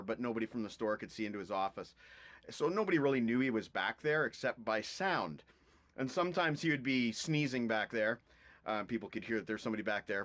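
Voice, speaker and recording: Animated man telling record store stories. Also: medium pitch. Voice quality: animated, chatty storyteller who does little sound effects. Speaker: host of a rock music video channel. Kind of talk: casual storytelling vlog.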